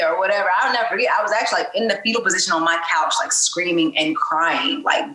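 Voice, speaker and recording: A woman's voice: lowish voice, fairly even intonation, quick pace, sharp tone, roomy sound, rough recording. A woman speaking as a podcast guest in a candid personal interview, talking openly and conversationally with frequent fillers.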